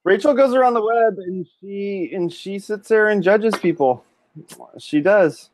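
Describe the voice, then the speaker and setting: A man's voice: sits high, unhurried, no echo. A man co-hosting a podcast, teasing his guest with jokes in casual chat. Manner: joking, teasing.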